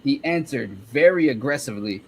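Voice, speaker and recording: A man's voice: mid-range voice, lively intonation, a little fast, darkish tone, a little hiss or hum, rough recording. A male guest in a casual interview who tells easygoing stories and often laughs. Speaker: guest, rapper.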